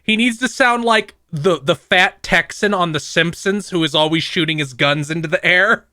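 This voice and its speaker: A man's voice: high voice, moderate pace, bright, forceful tone, dry recording, studio quality. A man co-hosting a podcast, joking casually and laughing through his lines. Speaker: podcast co-host. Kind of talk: casual chat.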